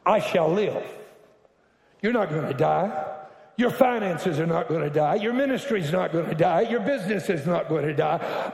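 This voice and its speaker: A man preaching a sermon to a congregation, building from slow, deliberate lines up to shouted declarations. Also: high voice, vocal fry. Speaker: pastor. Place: large church hall. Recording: echoey hall from far off.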